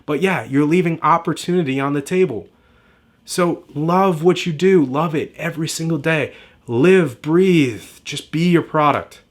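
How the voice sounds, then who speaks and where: A man's voice: a little high, a little slow. A man giving a direct-to-camera marketing lesson, emphatic and repetitive in a motivational way. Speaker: marketing coach.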